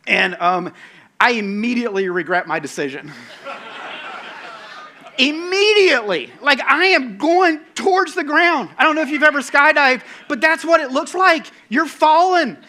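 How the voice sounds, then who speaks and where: Animated male preacher with a bright, forceful voice, self-mocking storyteller. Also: very high-pitched, moderate pace, a little hiss or hum. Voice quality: bald-headed, bearded. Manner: animated, self-mocking, acts out his own panic. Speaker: pastor. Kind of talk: sermon storytelling.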